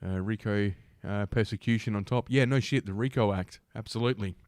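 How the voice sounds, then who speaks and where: Low-voiced man ranting sarcastically. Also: brisk, darkish tone, no echo, studio quality. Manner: sarcastic, profane and combative. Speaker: livestream host. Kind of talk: ranting commentary while reading news aloud.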